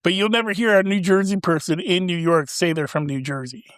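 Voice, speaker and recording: A man's voice: high-pitched, fairly quick, fairly bright tone, dry recording, studio quality. A man in his forties co-hosting a casual chat, rambling, trailing off mid-sentence and laughing often. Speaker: podcast co-host.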